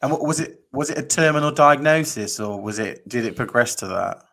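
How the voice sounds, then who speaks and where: Male co-host, fast and bright, asks direct questions. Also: mid-range voice, lively intonation. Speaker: podcast co-host. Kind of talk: casual interview chat.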